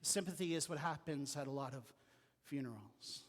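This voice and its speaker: A man preaching a sermon as pastor, telling personal stories in an earnest way that drops to a quiet voice. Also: a little high, moderate pace, long reverb tail. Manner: earnest storytelling with quiet dips. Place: church sanctuary.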